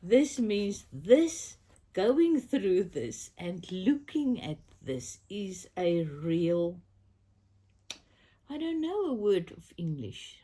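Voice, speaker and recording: A South African crafting vlogger, recovering from a cold and coughing, chats casually to camera from her bed in the bedroom. Her husky, mellow voice is upbeat and affirming, slow, and swings widely in pitch, sometimes dropping to a soft whisper.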